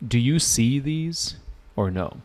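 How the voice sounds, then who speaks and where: Teaching an exam-prep class live online, this English test-prep teacher speaks slowly in an animated, medium-pitched voice. He brings plenty of energy, going over points again and quizzing his students.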